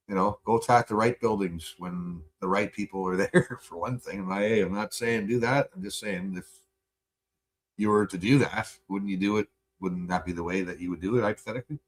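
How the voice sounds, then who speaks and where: Man, deep voice, livestream host, casual rant, swears a lot, rambles. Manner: profane, rambling, laughs often.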